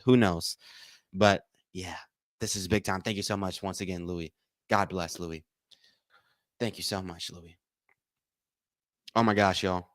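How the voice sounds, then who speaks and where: A man hosting a live watch-along stream, calling plays, thanking donors, and repeating himself with excitement. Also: low-pitched, unhurried, pauses often, dry recording. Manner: excitable, repeats phrases, says y'all a lot. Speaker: livestream watch-along host. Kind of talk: live game commentary and chat.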